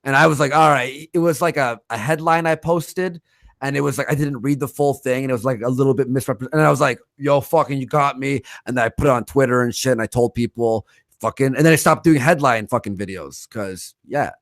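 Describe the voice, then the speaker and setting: A man's voice: medium pitch, no room sound, clean studio sound. A man hosting a livestream, chatting casually, ranting with lots of swearing and reading out viewer messages. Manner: animated, profane, quick to rant. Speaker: livestream host.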